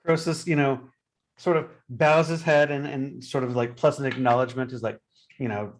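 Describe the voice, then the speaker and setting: A man's voice: medium pitch, steady tone, normal speed, a little hiss or hum. A man playing a tabletop game, describing his character's actions with many fillers. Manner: hesitant, full of fillers. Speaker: player.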